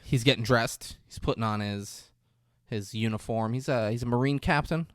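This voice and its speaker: A man in casual podcast chat, acting out lines from a film as he recaps the plot. His voice sits at a middling pitch and sounds close and dry, with no room around it. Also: normal speed, no echo. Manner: animated retelling with quoted voices, swearing. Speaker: podcast co-host.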